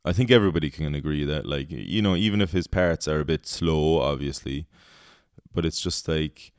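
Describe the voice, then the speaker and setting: A man's voice: a bass voice, normal speed, clear, resonant tone, no echo, studio quality. A young man, hosting a podcast in casual chat, rambling, swearing freely and laughing at his own jokes. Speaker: podcast host.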